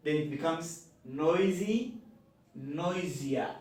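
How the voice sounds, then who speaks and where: A man teaching an English grammar lesson, slowly spelling out words and repeating each form. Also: a little high, darkish tone, far from the mic. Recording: echoey room, from the mic.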